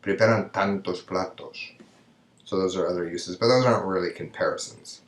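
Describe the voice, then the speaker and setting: A Spanish teacher with a very low voice works through a recorded grammar lesson step by step at normal speed. He keeps checking in with "right?" as he explains, and the echoey room gives his voice a noticeable reverb.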